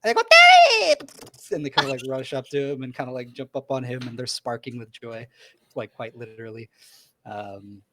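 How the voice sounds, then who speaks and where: A man's voice: mid-range voice, flat delivery, brisk, heavy background noise. A man narrating a tabletop game as game master, rambling with lots of "like" and "um".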